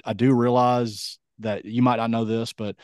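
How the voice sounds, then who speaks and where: A man co-hosting a casual sports podcast, rambling and hesitant with many ums, his voice going a bit hoarse. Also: mid-range voice, level tone, moderate pace, darkish tone, no echo, studio quality. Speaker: podcast co-host.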